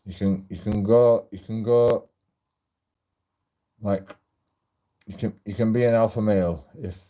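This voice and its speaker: A man's voice: fairly low pitch, fairly even intonation, a little slow, mellow. A man rambling and swearing in a casual walk-and-talk monologue, often cutting himself off mid-sentence. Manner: rambling, profane, self-interrupting. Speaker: auditor vlogger. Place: outdoors while walking.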